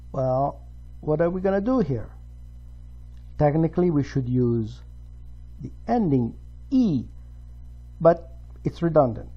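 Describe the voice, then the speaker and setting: Male teacher, slow and husky, patient grammar lesson on a dull lo-fi recording with faint music. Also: mid-range voice. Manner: patient, explains step by step. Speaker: Italian language teacher.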